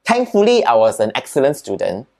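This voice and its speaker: A man with a Singaporean accent, a podcast guest, telling childhood stories in a lively, chatty way and often adding "right?" and "lah". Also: medium pitch, brisk, vocal fry. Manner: animated storyteller, peppers speech with "right?" and "lah". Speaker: interview guest. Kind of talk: casual storytelling in an interview.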